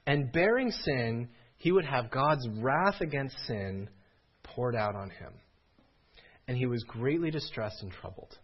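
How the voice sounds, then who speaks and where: A man's voice: mid-range voice, lively intonation, a little slow, husky, muffled recording. A man preaching a sermon as pastor, earnest and rising to pleading cries.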